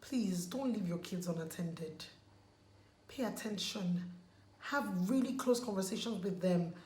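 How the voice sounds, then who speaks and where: A woman's voice: mid-range voice, expressive, measured pace, a little mellow. Emphatic woman vlogging in an echoey room. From Nigeria. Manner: emphatic, pleading, repeats words for stress. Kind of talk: casual chat while removing makeup. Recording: echoey room, faint background noise.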